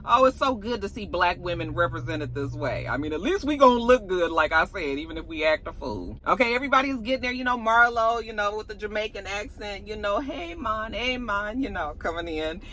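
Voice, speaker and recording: Animated gossipy woman recapping TV. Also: mid-range voice, brisk, hardly any pauses, a little hiss or hum. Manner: chatty and gossipy, with animated asides. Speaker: reality TV recap host. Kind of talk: casual chat.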